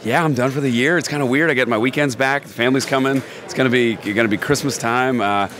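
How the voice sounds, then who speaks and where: A man, a wrestling broadcaster, chatting as a guest in a friendly, relaxed way. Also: medium pitch, quick pace. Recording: noisy crowd behind.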